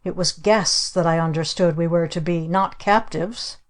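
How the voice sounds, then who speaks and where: A woman's voice: sits low, flat delivery, normal speed, natural voice. A woman voicing a meek, polite father who protests mildly. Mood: protesting. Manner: mild, proper, protesting politely.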